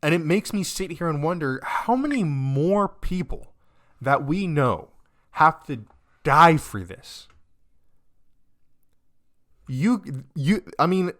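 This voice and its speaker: Young man, let's-play commentary, heavy swearing, upset and near tears, pitch swinging up and down. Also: sing-song, takes it slowly, pauses often, a bit bright. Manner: swears constantly, rants and trails off. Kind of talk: emotional game commentary.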